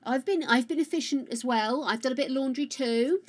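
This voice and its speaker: A woman chatting casually with her live-stream viewers on a close mic, loud and rambling, greeting people by name. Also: sits high, a little fast.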